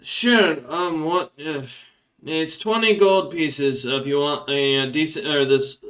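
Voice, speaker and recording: A man's voice: a little high, fairly even intonation, slow, fairly bright tone. A man voicing a weary, sarcastic male prison guard who talks down to the prisoners. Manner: sighing, sarcastic.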